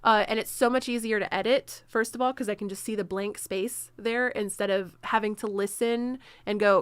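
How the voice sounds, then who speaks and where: A woman's voice: mid-range voice, steady tone, moderate pace, clear, resonant tone, no echo. A woman streamer answering viewer questions in a casual live Q&A, full of ums and self-corrections. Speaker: streamer hosting a Q&A.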